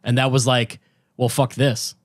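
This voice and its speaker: A man's voice: mid-range voice, unhurried, no room sound. Laid-back man in a dry room. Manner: relaxed, laughing, swearing storyteller. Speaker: podcast co-host. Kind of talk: casual podcast conversation.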